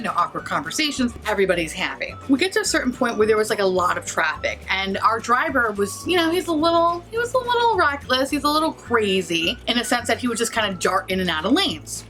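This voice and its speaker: A young woman telling a profane, animated storytime as a beauty vlogger. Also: a little high. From New York area. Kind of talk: casual storytime.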